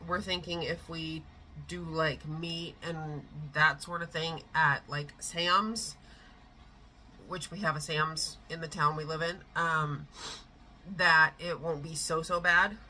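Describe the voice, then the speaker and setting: Slow and fairly even in intonation, a middle-aged woman with a deep, sharp-toned voice rambles indoors to her tripod camera for a casual home vlog, full of fillers. The audio is poor, with slight hiss or hum.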